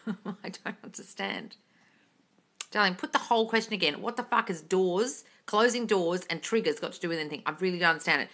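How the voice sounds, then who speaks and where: Blunt, sweary woman coach with bright tone. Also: fairly low pitch, big pitch swings, fairly quick. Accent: slight British intonation. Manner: blunt and sweary, reads chat questions aloud. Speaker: manifesting coach answering live chat questions. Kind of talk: casual live Q&A.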